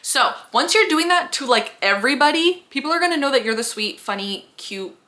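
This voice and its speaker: Bright, chatty young woman vlogger. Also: high-pitched, lively intonation, brisk. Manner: chatty and upbeat, many "like" fillers. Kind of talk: casual advice vlog.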